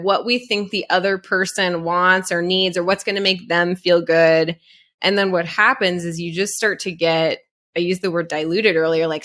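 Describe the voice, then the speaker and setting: A woman's voice: mid-range voice, a bit bright. A woman guest on a podcast, talking earnestly and reflectively, asking herself questions aloud. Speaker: podcast guest, Pilates business coach. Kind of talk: casual conversation.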